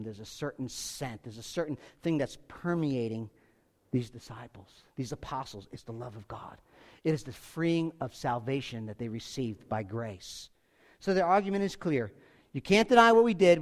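A man preaching a sermon, emphatic and repetitive, swinging from forceful peaks to quiet asides, with casual fillers like "like" and "you know". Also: on the high side. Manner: emphatic, repeats phrases, rises to forceful peaks then drops quiet. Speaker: pastor.

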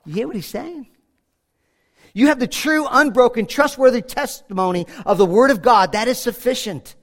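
A male pastor preaching a sermon earnestly, swinging from loud appeals to hushed, quiet lines. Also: high voice, animated, a little fast. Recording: long hall reverb.

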